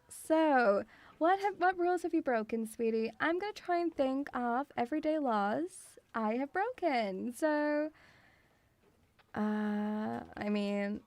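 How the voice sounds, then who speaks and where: High-voiced, teasing British woman. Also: no room sound. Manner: teasing, mock-stern, calls the audience "sweetie". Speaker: streamer playing a teacher. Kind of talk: playful live-stream chat in a teacher role-play.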